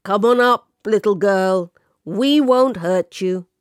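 Woman putting on a loud gruff policeman, bossy, dismissive, dry close sound. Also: fairly low pitch, a little slow, dry recording. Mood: coaxing. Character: gruff policeman, man, booming.

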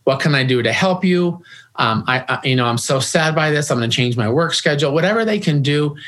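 A middle-aged man, founder of a grief organization, speaks as a guest in a conversational interview. His voice sits on the high side and is expressive, fairly bright, and a little fast. He talks earnestly, often restarting and repeating his words.

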